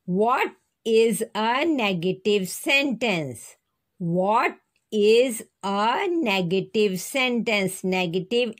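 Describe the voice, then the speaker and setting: Woman teacher, very slow and patient, spells each word out for young pupils. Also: mid-range voice, animated. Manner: slow, spells words letter by letter. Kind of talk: primary school lesson.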